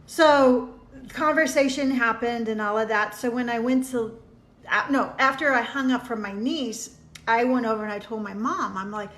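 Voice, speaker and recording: Middle-aged woman host, fairly high voice, sincere and rambling, phone mic in an echoey room. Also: unhurried, a bit bright. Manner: heartfelt, meandering storytelling while reading out viewer comments. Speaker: livestream host. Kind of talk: casual livestream chat.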